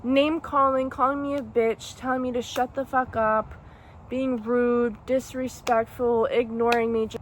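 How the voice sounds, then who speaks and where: Young woman vlogger, higher voice, soft-spoken and halting storytime delivery. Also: little pitch movement, slight background noise. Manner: halting, emotional, soft-spoken with many restarts. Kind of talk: storytime monologue.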